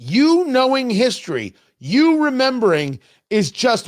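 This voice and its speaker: A man's voice: extremely high pitch, big pitch swings, unhurried, hardly any pauses. A man hosting a talk show, giving sarcastic, opinionated political commentary straight to his listeners.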